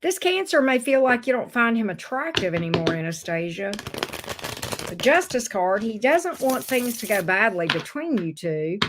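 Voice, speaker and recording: A woman's voice: a little high, very animated, moderate pace, background noise. A woman, chatting casually while she gives tarot readings on a livestream, loose and joking. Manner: chatty and loose, laughs and swears, talks to chat and her pets.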